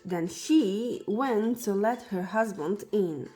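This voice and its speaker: A woman reading a fairy tale aloud for children as a storyteller, in a slow and deliberate way. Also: medium pitch, warm tone, soft background music.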